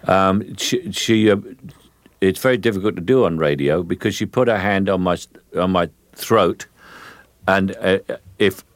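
An older man with a London Cockney-rooted accent, talking through a radio interview in an unhurried, halting way with many fillers. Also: low-pitched, no room sound. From England. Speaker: guest, film actor.

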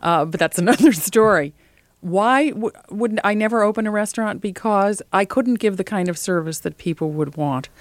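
A woman food writer as an interview guest, telling lively, opinionated stories in casual conversation. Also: mid-range voice, moderate pace, dry recording.

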